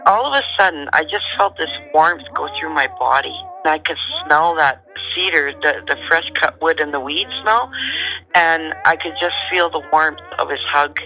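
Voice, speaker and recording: A middle-aged woman, calmly and matter-of-factly telling a personal story as a guest. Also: low voice, normal speed, lo-fi sound, soft background music. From Canada. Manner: calm, matter-of-fact storyteller.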